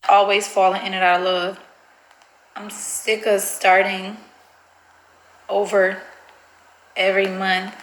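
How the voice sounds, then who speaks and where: A woman's voice: mid-range voice, flat delivery, slow pace, long pauses, fairly bright tone, echoey room, low-quality recording. A woman vlogger, chatty and nervous, talking to viewers while pulling a prank. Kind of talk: casual vlog chat.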